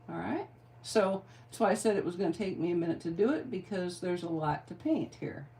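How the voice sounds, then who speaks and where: A woman's voice: fairly low pitch, dark tone. A middle-aged woman giving a card-making tutorial, chatty and playful, with rambling asides. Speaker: craft demonstrator.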